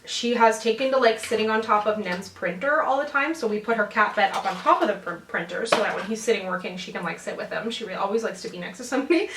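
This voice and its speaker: A woman's voice: on the high side, a bit bright. Chatty young woman vlogging from home. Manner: chatty, laughs often, drifts off topic. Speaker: beauty vlogger. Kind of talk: casual haul chat. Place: home room. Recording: roomy and distant home recording.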